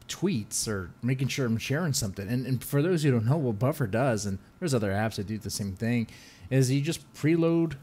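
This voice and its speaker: A man's voice: mid-range voice, dark tone. Jokey male podcast host. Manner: loose, jokey, laughs often, quick asides. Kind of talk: casual podcast chat.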